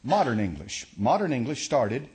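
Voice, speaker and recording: Folksy pastor teaching a sermon. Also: male voice, mid-range voice, sing-song, moderate pace, a little mellow. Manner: folksy, explains step by step, many restarts and uh.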